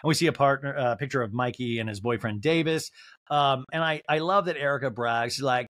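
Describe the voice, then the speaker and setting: A man's voice: medium pitch, fairly quick, fairly bright tone, no room sound, studio quality. A man hosting a podcast, giving a rambling, comedic recap of a reality show with lots of fillers like "like". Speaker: podcast host.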